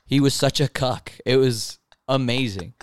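A man's voice: medium pitch, unhurried, no room sound. A young man in casual chat, telling work stories with profanity and quoted voices.

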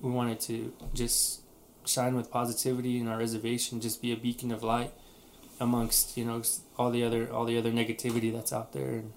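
A man's voice: medium pitch, completely flat delivery, fairly quick, creaky, slight background noise. A man co-hosting a casual podcast, talking in a rambling way with many restarts. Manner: rambling, frequent restarts and fillers. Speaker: podcast co-host. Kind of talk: casual chat.

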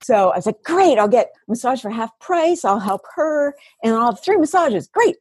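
A woman's voice: a little high, very animated, moderate pace, darkish tone, slightly rough, dry recording, studio quality. A woman guest on a casual podcast, telling stories animatedly, laughing often and acting out her own thoughts. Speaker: guest coach.

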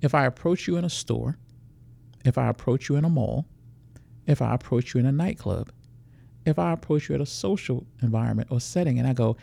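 A man's voice: medium pitch, a little fast, gravelly, mellow, no echo. A man who is a security expert, explaining how predators work in a podcast interview, walking through scenarios.

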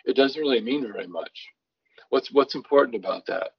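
A man's voice: mid-range voice, lively intonation, normal speed, creaky, slightly rough, dull audio. A man who writes songs from scripture, explaining his process in a thoughtful conversational way, often restarting his sentences. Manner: thoughtful, restarts often, reads scripture aloud with varied emphasis. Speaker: songwriter guest.

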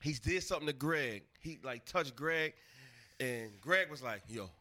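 Animated man telling a funny story. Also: fairly high pitch, unhurried. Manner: animated, laughing storyteller who acts out quotes. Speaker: podcast host. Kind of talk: casual storytelling chat.

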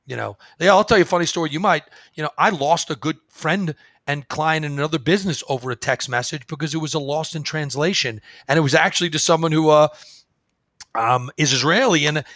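A man speaking as a guest in a conversational interview, telling stories with lively acted-out dialogue. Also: fairly high pitch, dry recording. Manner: animated storyteller, acts out quoted dialogue. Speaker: guest, phone service business owner.

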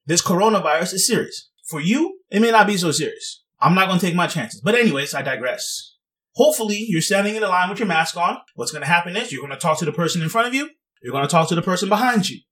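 A man's voice: high voice, fairly bright tone, distant mic. A young man giving sarcastic, rambling casual commentary and laughing at his own jokes. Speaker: vlogger.

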